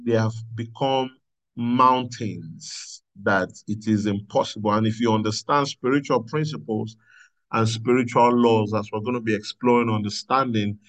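A man's voice: medium pitch, low-quality recording. A man pastoring a prayer meeting, preaching earnestly and repeating himself with frequent hallelujahs. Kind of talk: sermon.

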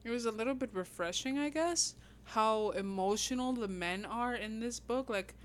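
A woman from New York co-hosting a book podcast, talking in an animated, casual way. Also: on the high side, a little hiss or hum. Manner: animated, quick to laugh. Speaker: podcast co-host.

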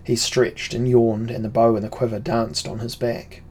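A man narrating a fantasy audiobook in a measured, unhurried storytelling manner. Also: mid-range voice, level tone, darkish tone, a little hiss or hum.

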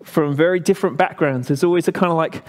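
English man preaching in a reverberant hall. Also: on the high side. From England. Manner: chatty, halting storytelling with many fillers. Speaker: pastor. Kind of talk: sermon.

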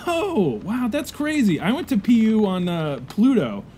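A man's voice: sits high, very animated, normal speed, warm tone, slight background noise. A man improvising a pirate crewman in a comedy scene, with playful, jokey banter. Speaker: podcast co-host.

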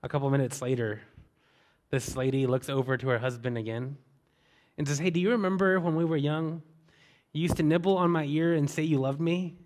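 A man preaching a sermon, telling a story in a relaxed way and asking repeated rhetorical questions. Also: on the high side, fairly quick.

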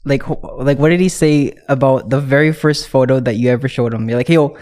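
A man hosting a podcast in casual, slangy chat, quick and upbeat. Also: mid-range voice, fairly even intonation, darkish tone. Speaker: host.

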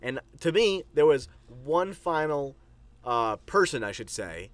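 A co-host on a casual movie-review podcast, reacting excitably and leading into new topics. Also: mid-range voice, measured pace, no room sound.

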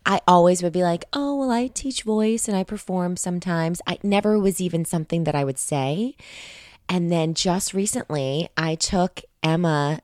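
Low-voiced woman podcast co-host. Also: moderate pace, darkish tone, dry recording, studio quality. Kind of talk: casual chat.

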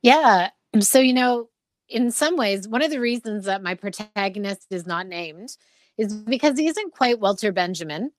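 A middle-aged woman, a poet and novelist, reading her prose with a measured rhythm and then talking expressively about her writing. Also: medium pitch, animated. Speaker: poet and novelist, guest author. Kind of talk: literary reading, then interview talk.

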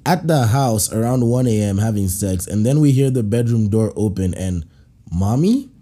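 A man hosting a podcast, reading out listener stories and reacting with animated laughter and playful put-on voices. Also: fairly low pitch, moderate pace. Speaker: podcast host.

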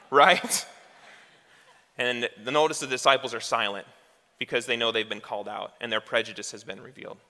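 A man's voice: medium pitch, fairly even intonation, a little fast, pushed and bright. A male pastor preaching a sermon in a conversational way, asking rhetorical questions as he goes. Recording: long hall reverb.

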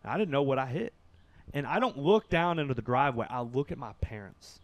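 Animated man telling a story. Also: brisk, no echo. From Kentucky. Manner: animated, swinging from loud bursts to hushed low stretches. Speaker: podcast guest. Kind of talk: casual storytelling.

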